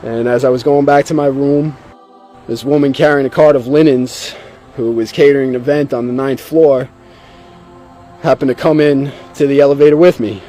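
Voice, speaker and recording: A man's voice: mid-range voice, fairly even intonation, moderate pace, mellow, faint music behind. Man sharing an earnest personal testimony. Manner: earnest, emotional storytelling. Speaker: testimony speaker.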